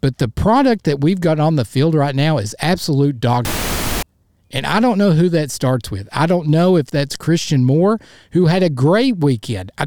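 A frustrated man hosting his own solo sports podcast launches into a blunt, fired-up rant, repeating himself to drive his points home. His voice is a little high for a man and a little mellow. The recording is close and dry, with no room sound.

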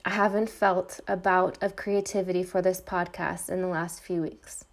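A woman's voice: lowish voice, level tone, normal speed. A middle-aged woman hosting a podcast, delivering an intense, defiant personal monologue with repeated refrains. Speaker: podcast host. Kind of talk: personal monologue, read from a script.

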